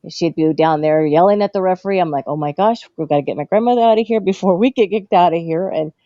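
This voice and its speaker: A woman guest on a talk show, telling stories in a casual way and acting out dialogue in a higher voice. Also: quick pace, mellow, no echo, highs cut off. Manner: acts out childhood dialogue in a higher voice, laughs often. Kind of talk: casual storytelling.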